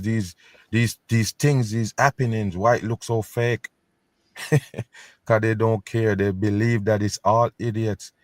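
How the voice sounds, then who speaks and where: Low-voiced scornful commentator. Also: male voice, no room sound, clean studio sound. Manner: emphatic, keeps repeating "pay attention, people"; scornful, conspiratorial. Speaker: host reacting to news clips. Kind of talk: casual commentary.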